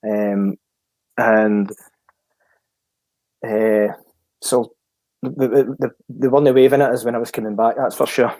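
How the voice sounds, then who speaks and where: A Scottish man, a former footballer, telling a story in a relaxed chat and acting out the dialogue he retells. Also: medium pitch, unhurried, long pauses, no echo. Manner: lively storyteller who acts out the dialogue he retells. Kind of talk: casual storytelling.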